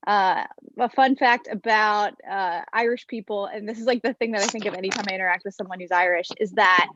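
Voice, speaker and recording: A woman's voice: mid-range voice, fairly even intonation, fairly quick, fairly bright tone, no room sound, muffled recording. Wry young woman doing stand-up. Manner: wry, self-deprecating, chatty with many fillers. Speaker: stand-up comedian. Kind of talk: stand-up comedy set.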